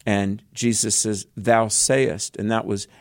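A man's voice: on the low side, level tone, slow pace, no echo, clean studio sound. A man hosting a radio Bible program, folksy and emphatic, sprinkling in amens. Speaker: radio show host. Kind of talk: radio Bible study chat.

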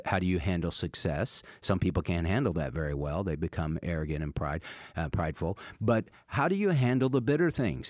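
A man's voice: fairly low pitch, a little mellow, dry recording. An older man, a pastor and radio host, preaching emphatically with repeated rhetorical questions on a close studio mic. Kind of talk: radio sermon.

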